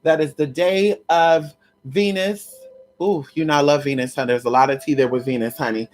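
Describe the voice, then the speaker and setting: She teaches conjure on a casual livestream, speaking in a low voice with fairly even intonation at a moderate pace. Her manner is sassy and chatty, peppered with "honey" and "girl" for her viewers, plus loud laughs and exclamations.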